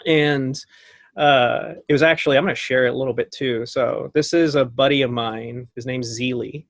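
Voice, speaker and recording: A man in his thirties tells a story in a casual, animated way, acting out the voices of the people in it and laughing often. His voice sits at an ordinary middle pitch. The recording is close and dry, with no room sound. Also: normal speed, no echo. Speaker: podcast guest.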